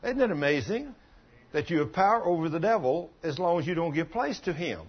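A man's voice: on the high side, lively intonation, a little fast, husky, muffled recording. A man preaching a sermon as pastor, telling folksy stories and putting questions to the congregation.

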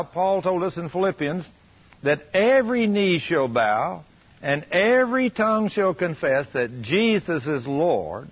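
A man preaching a recorded teaching to a small group, slow and emphatic. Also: sits high, animated, slightly rough, dull audio.

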